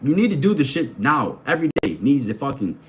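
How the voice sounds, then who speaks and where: A man's voice: mid-range voice, sing-song, fairly quick, a little hiss or hum. A man in his thirties giving a blunt, profane, slang-heavy motivational rant, firing questions straight at the viewer. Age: 30s. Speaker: vlogger and life coach.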